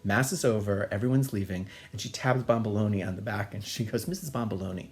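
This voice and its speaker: A man's voice: on the low side, a little fast, faint music behind. A man telling a personal childhood story in a casual, chatty, digressive way. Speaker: storyteller, host.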